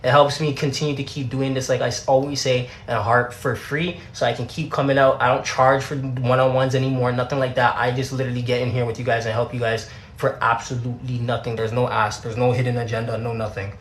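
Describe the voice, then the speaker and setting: A man's voice: mid-range voice, flat delivery, fast, few pauses. A young Canadian man with a Canadian accent, chatting casually during a hair tutorial livestream. He is laid-back and slangy and repeats his words. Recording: echoey room.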